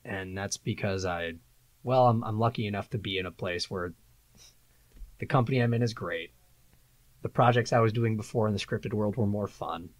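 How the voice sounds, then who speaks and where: A man, a voice-over artist and production engineer, telling lively anecdotes in a casual interview. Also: on the low side, normal speed, dry recording. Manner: animated, laughing anecdotes, acts out quotes. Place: acoustically treated office.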